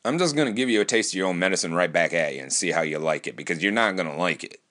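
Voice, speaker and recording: A man from Wisconsin with a fairly low voice talks alone in a loose, profane, rambling monologue. He keeps restarting his sentences as he goes. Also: lively intonation, racing, fairly bright tone. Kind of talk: casual monologue.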